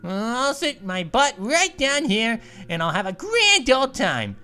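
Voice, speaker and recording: A woman's voice: a little high, very animated, unhurried, sharp tone, faint music behind, exaggerated voice. A woman voicing a goofy, hyper cartoon gaming host who stammers and giggles through comedic let's play commentary.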